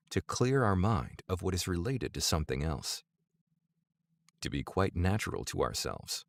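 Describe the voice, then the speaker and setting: A man narrating an audiobook in a measured, deliberate reading voice. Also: low voice, vocal fry, no room sound.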